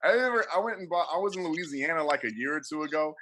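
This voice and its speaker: A man's voice: fairly high pitch, lively intonation, racing, bright, forceful tone, a little hiss or hum. A young man doing a loose, profane stand-up comedy set over a video call, laughing at his own jokes.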